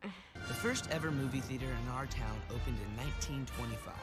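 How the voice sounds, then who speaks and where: An eager teenage theater worker, played by a young actor, narrates in a mid-pitched, bro-ish voice. A movie soundtrack plays loudly underneath him. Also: male voice, animated, fairly quick, close to an everyday voice. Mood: earnest. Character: earnest teen boy narrating his movie theater job. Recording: film clip with loud music under it.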